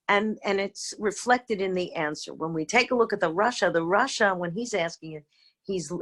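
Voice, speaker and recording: A middle-aged woman teaching an informal online lesson over a video call, talking in a halting way with many fillers and restarts. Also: on the low side, a bit bright. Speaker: rabbanit teaching a seder talk. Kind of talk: informal virtual lecture.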